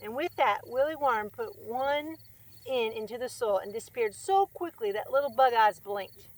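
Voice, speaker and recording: A woman's voice: a little high, expressive, moderate pace, dry recording. A woman hosting a storytime who reads a children's picture book aloud, friendly and chatty. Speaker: storytime reader and host.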